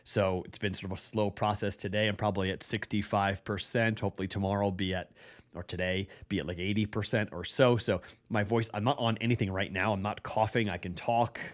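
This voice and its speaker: A man's voice: on the low side, steady tone, a little fast. A man with a congested, stuffy voice, hosting a sports betting podcast in a casual, rambling way and correcting himself as he goes. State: congested, recovering from illness.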